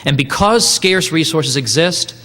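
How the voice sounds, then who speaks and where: A man's voice: a little high, lively intonation, measured pace, sharp tone. Chatty middle-aged male lecturer, echoing hall. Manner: digressive, conversational, with frequent restarts. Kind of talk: university lecture. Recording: long hall reverb.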